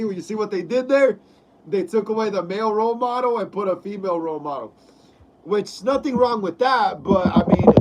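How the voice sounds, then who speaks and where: A man's voice: high voice, a little mellow, poor audio. A man hosting a casual live stream who rambles, repeats words and reads chat messages aloud. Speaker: host.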